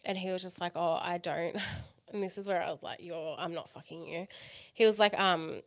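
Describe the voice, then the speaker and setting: A woman's voice: on the low side, fairly even intonation, normal speed, dry recording. A woman co-hosting a casual podcast, rambling through a story with lots of fillers and swearing. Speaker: podcast co-host.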